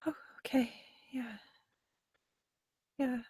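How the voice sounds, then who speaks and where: A man voicing a dazed woman who answers him in a faint, breathy voice. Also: very high voice, fairly even intonation, very slow, mellow, pitched above the performer's own voice, heavily acted.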